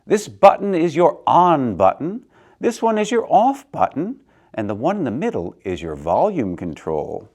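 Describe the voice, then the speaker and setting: A gentle, patient schoolteacher with a calm, coaxing manner, as a man reading a storybook aloud plays her. Her voice stays close to the reader's own everyday voice. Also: on the high side, a little slow, exaggerated voice.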